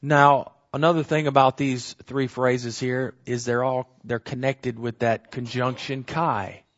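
A man's voice: mid-range voice, level tone, a little slow, a bit bright, highs cut off. A man teaching a verse-by-verse Bible study, earnest and emphatic, repeating key phrases and correcting himself as he explains.

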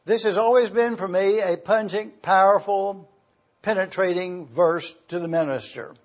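A male pastor preaching a sermon to his congregation in a slow, deliberate, emphatic way, pausing often. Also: high-pitched, lo-fi sound.

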